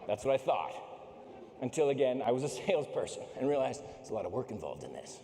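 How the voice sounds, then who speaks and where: A man's voice: mid-range voice, fast. A middle-aged man giving a joking, motivational keynote speech on a stage microphone in a large conference hall. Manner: animated, joking storyteller. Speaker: keynote speaker. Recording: echoey hall with long reverb.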